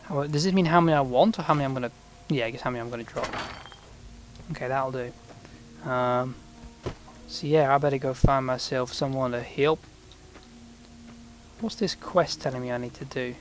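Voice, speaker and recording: A man's voice: mid-range voice, normal speed, pauses often. A man giving rambling, sarcastic commentary while he plays a video game. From Britain. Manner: rambling, sarcastic, mutters to himself. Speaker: gameplay commentator.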